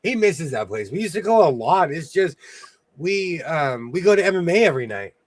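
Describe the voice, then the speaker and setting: A man's voice: on the high side, very animated, normal speed, no echo. A man hosting a sewing livestream in casual chat, playful, breaking into bits of song and laughter.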